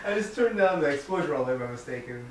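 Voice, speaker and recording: A man's voice: on the high side, expressive, very fast, distant mic, noisy background. A man behind the camera, giggling and apologizing, chatting casually. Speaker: camera operator. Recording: echoey room, off-mic.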